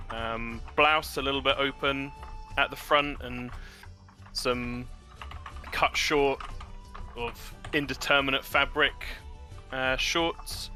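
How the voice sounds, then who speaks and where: Slow, sharp-toned man describing a character. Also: mid-range voice. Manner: measured, searching for words. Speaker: player. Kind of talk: describing a character in a tabletop game.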